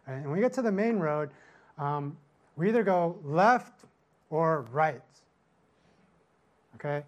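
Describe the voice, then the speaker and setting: Middle-aged male pastor, casual sermon storyteller, a bit high-pitched, keeps asking "right?". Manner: storytelling with constant "right?" tag questions. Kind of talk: conversational sermon.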